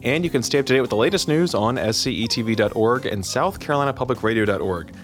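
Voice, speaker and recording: A man's voice: mid-range voice, expressive, fast talker, faint music behind. A man hosting a podcast, bantering playfully with mock outrage and laughing often. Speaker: podcast host. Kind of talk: casual banter and sign-off.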